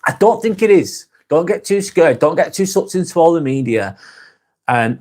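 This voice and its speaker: A man's voice: mid-range voice, darkish tone. A man with a British accent hosting a casual live stream, reading out viewer comments and answering them bluntly, swearing freely and often laughing.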